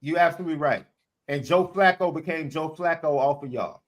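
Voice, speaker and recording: A man's voice: fairly high pitch, brisk. A man hosting a sports podcast, needling his co-hosts and steering the chat with pointed questions.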